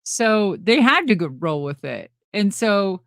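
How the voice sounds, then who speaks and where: A woman's voice: mid-range voice, sing-song, unhurried, dry recording, clean studio sound. A middle-aged woman telling a backstage story in a casual interview, rambling and laughing often as she acts out what people said. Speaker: interview guest.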